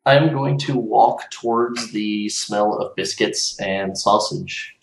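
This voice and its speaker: A man playing a tabletop role-playing game, relaxed and full of fillers as he describes what his character does. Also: fairly low pitch, slow pace, vocal fry, far from the mic. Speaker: player. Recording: echoey room.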